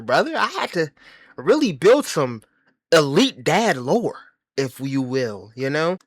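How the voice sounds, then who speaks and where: Brash, boastful man with lively pitch. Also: dry recording, clean studio sound. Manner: brash, profane, mock-grandiose bragging; rambling, self-interrupting asides. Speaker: comedy commentary host. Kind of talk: comedic boastful monologue.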